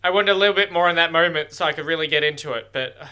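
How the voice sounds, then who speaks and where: A man reacting out loud on a first watch, with a bright, forceful, slightly high voice. He talks straight at the screen, excitable, and curses freely. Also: very fast, clear, resonant tone. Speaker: reaction video host.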